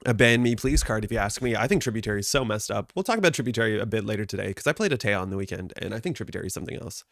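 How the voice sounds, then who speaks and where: A man's voice: fairly low pitch, expressive, racing, gravelly, a bit bright, no echo, clean studio sound. A man hosting a live card game stream, chatting casually and greeting viewers by name, a little stuffed up from allergies.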